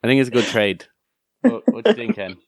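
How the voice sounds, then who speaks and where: A man's voice: mid-range voice, huge pitch swings, fast. An Irish man co-hosting a podcast, chatting casually, rambling and swearing as he tells stories. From Ireland. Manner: rambling, swearing, laughing storyteller. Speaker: podcast co-host. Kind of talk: casual chat.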